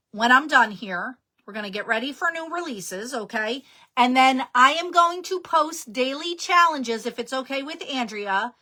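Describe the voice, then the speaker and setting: Bright, high-voiced New Jersey woman. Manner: chatty, laughing, self-deprecating. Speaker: jewelry business guest speaker. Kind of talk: casual live-stream talk.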